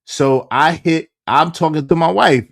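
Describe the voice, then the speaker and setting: A man's voice: a little high, unhurried, gravelly, no room sound, studio quality. A man, casually telling a personal story and acting out what others said, with many restarts. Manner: animated, acts out quoted dialogue, frequent restarts.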